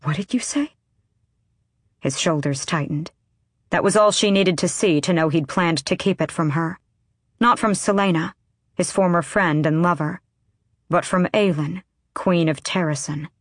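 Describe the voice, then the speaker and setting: Reading an audiobook, this woman uses a fairly low pitch and a steady, measured storytelling delivery. It's a clean studio recording without room sound.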